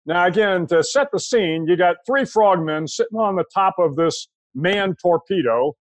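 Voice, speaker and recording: An older American man, a guest in an interview, telling a long anecdote in a relaxed, conversational way with frequent restarts. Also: high voice, normal speed, dry recording. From United States. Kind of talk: storytelling anecdote.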